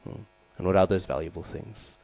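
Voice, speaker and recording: A man with a low, darkish voice speaks at a moderate pace in a poor-quality recording. Giving a scripture class, he preaches a sermon through a devotional story, acting out the quoted figures and questioning his listeners, frequently tacking on "right?" and "hmm?"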